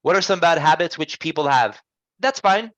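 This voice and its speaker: A man's voice: fairly high pitch, lively intonation, normal speed, fairly bright tone, no room sound, rough recording. A man teaching an online English class, patient and encouraging, repeating and rephrasing answers for his students.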